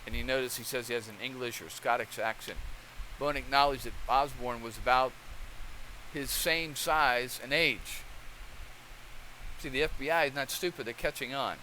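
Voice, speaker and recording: A man's voice: mid-range voice, moderate pace, bright, forceful tone, a little hiss or hum, low-quality recording. Rambling male commentary host. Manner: rambling, conversational, keeps checking in with okay. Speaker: channel host. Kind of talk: casual commentary.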